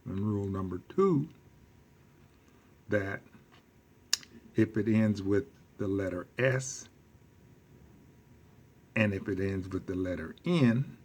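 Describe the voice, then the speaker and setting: A man teaching a recorded lesson, speaking slowly, quizzing his class and repeating key phrases for emphasis. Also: sits low, darkish tone, a little hiss or hum. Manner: slow and deliberate, quizzing the class. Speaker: Spanish teacher.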